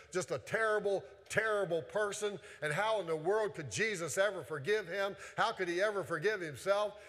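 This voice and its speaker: A man preaching a sermon from the pulpit, earnest and searching, circling back on his words with questions for the congregation. His voice sits a little high for a man and rings out through a church with a long, lingering reverb. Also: fairly bright tone. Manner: earnest, with frequent restarts and rhetorical questions. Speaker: pastor. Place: church sanctuary.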